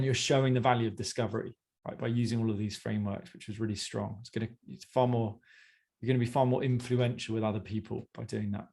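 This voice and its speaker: A man's voice: mid-range voice, a little mellow. A man giving one-on-one coaching feedback on a presentation, talking in a conversational, encouraging way with many fillers.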